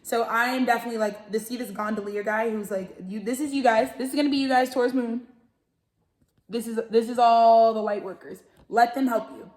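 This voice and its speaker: A woman's voice: on the high side, fairly even intonation, brisk, darkish tone, roomy sound. A young woman from Texas, chatting casually and profanely while giving a tarot reading. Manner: chatty and profane, lots of fillers, scolding a dog. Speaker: tarot reader and show host.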